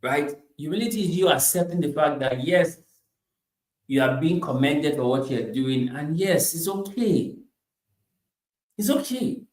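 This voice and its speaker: Male motivational speaker, high-pitched and emphatic, in a roomy space. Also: animated, a little slow. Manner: emphatic, repeats phrases, swings between loud bursts and quiet asides. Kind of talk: motivational talk.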